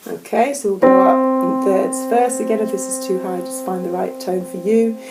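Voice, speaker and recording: A woman leading vocal warm-up exercises in a gentle, encouraging, unhurried way. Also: mid-range voice, fairly even intonation, over loud music, rough recording. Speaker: vocal coach. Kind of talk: casual instructional talk. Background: keyboard playing.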